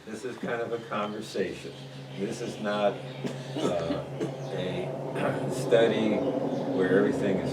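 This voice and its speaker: A man leading a church Bible study, talking conversationally and putting questions to the group. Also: on the low side. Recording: echoey room, mic far off, noisy.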